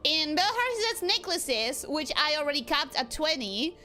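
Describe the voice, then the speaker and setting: Young woman streamer chatting over a game, high lively voice, gets worked up easily. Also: normal speed, faint music behind. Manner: expressive, bursts into exasperated outcries. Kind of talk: casual gameplay streaming.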